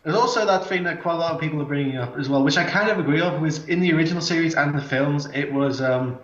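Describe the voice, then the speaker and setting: A man with a somewhat high voice hosts a casual chat, rambling and hesitant, circling back to restart his thoughts. His voice sits in a roomy space. The recording is dull and lo-fi. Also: quick pace. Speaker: podcast host. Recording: echoey, dull lo-fi sound.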